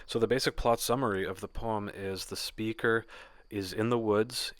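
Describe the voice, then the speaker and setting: A man giving a casual spoken poetry lesson, explaining in a relaxed way with occasional fillers. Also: fairly low pitch, normal speed, no echo. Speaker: poetry teacher.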